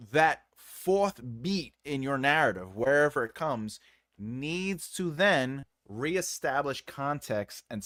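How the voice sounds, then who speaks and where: A man hosts a writing livestream in a casual teaching style. His pitch sits a little high and moves in lively swings. The sound is dry and close, with no room heard around him. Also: no echo. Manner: animated, jokey, trails off into mumbles. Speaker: writing coach and livestream host.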